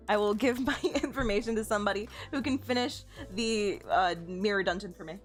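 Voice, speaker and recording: A woman's voice: mid-range voice, brisk, hardly any pauses, faint music behind. A young woman streaming a game, chatting casually with frequent giggles and stammered restarts. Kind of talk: casual chat while gaming.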